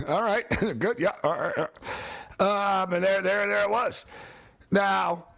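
A man's voice: high voice, takes it slowly, gravelly, fairly bright tone, slight background noise. A man hosting a sports talk show, talking bluntly and heatedly, repeating himself as he argues his point. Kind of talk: heated casual commentary.

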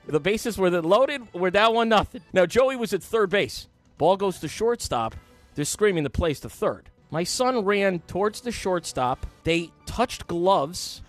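A man hosting a sports radio show, telling funny stories in an animated way, laughing and shouting at the big moments. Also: high voice, unhurried, soft background music. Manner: excitable storyteller, laughs at his own stories, shouts at the peaks. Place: radio studio.

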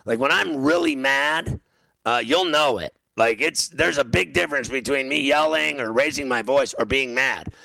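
Gravelly, bright-voiced radio host telling a story. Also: male voice, medium pitch, moderate pace, low-quality recording. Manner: rambling, stammering restarts, loud when acting out his own yelling. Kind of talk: casual storytelling on sports radio.

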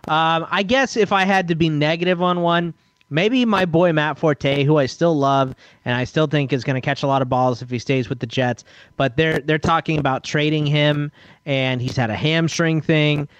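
A man's voice: on the high side, moderate pace, no room sound, dull audio. A man co-hosting a casual sports radio podcast, rattling off long lists of names and laughing easily. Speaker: podcast co-host.

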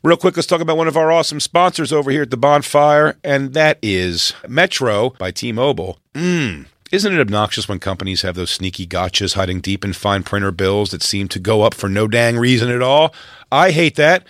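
Podcast host doing an upbeat ad read, dry studio sound. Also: male voice, normal speed, fairly bright tone, dry recording. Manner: upbeat sales pitch.

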